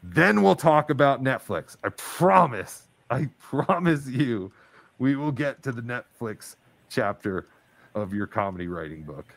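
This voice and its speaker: A man hosting a loose live-stream chat, full of jokes and mock outrage as he teases his co-host. His voice sits at an ordinary middle pitch for a man. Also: sing-song, a little slow, vocal fry, no echo. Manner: joking, mock-indignant teasing.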